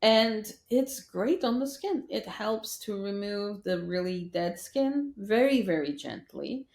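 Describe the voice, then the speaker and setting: A woman guest in a podcast interview, talking as a skincare scientist and telling lively stories in which she acts out other people's voices. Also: medium pitch, slow pace, gravelly. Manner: lively storyteller who acts out quoted voices. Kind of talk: interview conversation. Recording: roomy echo.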